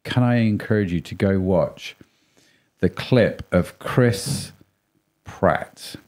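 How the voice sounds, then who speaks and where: A man's voice: low voice, slow, darkish tone. A man co-hosting a podcast in a chatty, playful, rambling way. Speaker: podcast co-host. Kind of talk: casual chat.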